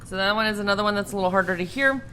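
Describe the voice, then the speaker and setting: A woman's voice: mid-range voice, rapid-fire, pushed and bright, a little hiss or hum. A young adult woman co-hosting a casual podcast, rambling, swearing freely and laughing at herself. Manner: laughing, profane, self-deprecating rambling. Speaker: podcast co-host.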